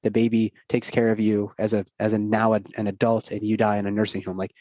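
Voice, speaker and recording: A man's voice: on the low side, completely flat delivery, fast, dark tone, no echo. A middle-aged man, a doctor guesting on a podcast, telling a personal story in an earnest, rambling, casual way.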